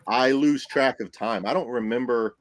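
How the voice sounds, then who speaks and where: A man, a paranormal investigator, telling a story on a podcast in a casual, animated way, acting out what people said and laughing often. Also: mid-range voice, normal speed.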